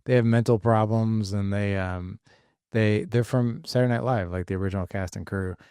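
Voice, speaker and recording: Laid-back middle-aged podcast host. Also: male voice, on the low side, fairly even intonation, moderate pace, dark tone, clean tone, dry recording, studio quality. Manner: rambling, self-correcting, laughing often. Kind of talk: casual father-son podcast chat.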